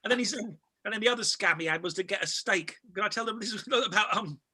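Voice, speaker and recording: A man's voice: high-pitched, fast talker, husky, dry recording. A man telling a funny story, acting out other people's lines. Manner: animated, acts out other people's voices. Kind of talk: casual anecdote telling.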